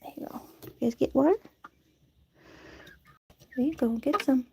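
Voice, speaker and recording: A woman's voice: high-pitched, animated, measured pace, gravelly, background noise. Chatty woman cooing at her chickens. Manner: chatty, laughs often, coos at the birds. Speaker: vlogger tending chickens. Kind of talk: casual chat. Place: backyard chicken coop at night. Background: chickens clucking.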